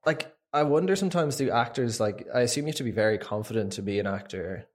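A young Irish man co-hosting a podcast, chatting about films and getting excitable when incredulous. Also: mid-range voice, quick pace. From Ireland. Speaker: podcast co-host. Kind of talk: casual film-review chat.

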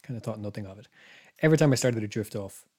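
A man's voice: on the low side, quick pace, mellow. A man, a podcast co-host telling a story in casual chat, meandering and hesitant, dropping to a whisper for his own thoughts.

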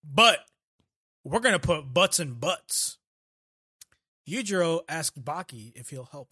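A man co-hosting a podcast, recapping a show in profane, joking chat and slipping into quick impressions. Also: a little high, lively intonation, sharp tone, slightly rough, no room sound, clean studio sound. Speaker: podcast co-host.

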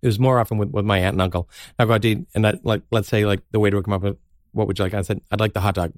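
Fast-talking animated man. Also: lowish voice, no echo, clean studio sound. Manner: fast, animated, acts out family quotes, laughs often. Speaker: guest, playwright and actor. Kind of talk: casual storytelling chat.

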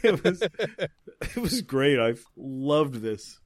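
A man's voice: on the high side, drawn-out words, no room sound, studio quality. A man chatting casually about a movie, laughing and swearing as he tells what he saw. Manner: laughing, animated, swears, lots of yeah. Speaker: podcast co-host.

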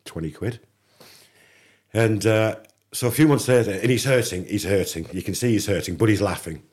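English male guest, low and husky, chatty anecdote teller voicing the other people. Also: normal speed. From England. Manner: animated anecdote teller, acts out dialogue. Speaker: podcast guest. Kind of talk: casual storytelling.

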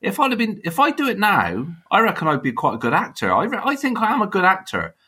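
A man's voice: high-pitched, wildly swooping pitch, fast talker, sharp tone, breathy edge. A man in his fifties with a Bristolian accent, a blunt, chatty interview guest who laughs and swears easily. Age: 50s. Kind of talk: casual interview chat.

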